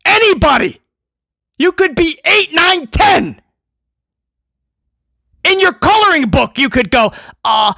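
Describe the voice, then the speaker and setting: A man's voice: very high voice, very animated, slow pace, creaky, pauses often, sharp tone, dry recording. Male wrestling podcast host, sarcastic ranter, dry close sound. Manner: mocking, exasperated, sarcastic. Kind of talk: sarcastic ranting commentary.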